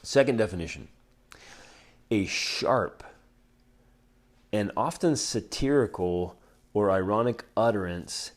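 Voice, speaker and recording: Earnest, animated man podcast host. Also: lowish voice, slow pace, pauses often. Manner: animated, swinging from loud emphasis to hushed, near-whispered words; earnest and direct, with many restarts and rhetorical questions. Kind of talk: heartfelt casual talk to listeners.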